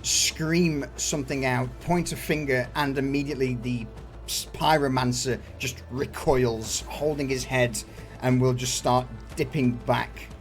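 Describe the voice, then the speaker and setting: Slow-narrating man running a tabletop game. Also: mid-range voice, steady tone, faint music behind. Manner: slow, unhurried narration with frequent laughs. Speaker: game master.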